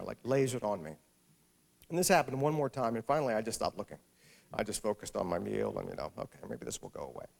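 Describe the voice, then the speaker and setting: Middle-aged guy author telling a funny story at a talk, gravelly, dry and self-mocking. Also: medium pitch, darkish tone. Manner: storytelling, wry and self-deprecating. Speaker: author speaking at an event. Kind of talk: humorous public talk with anecdote.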